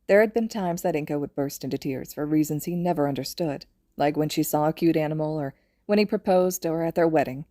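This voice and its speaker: A woman reads fan fiction aloud in a gentle, even storytelling voice. Her voice is low and mellow. The recording is close and dry. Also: a little fast, few pauses, dry recording. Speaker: podfic reader.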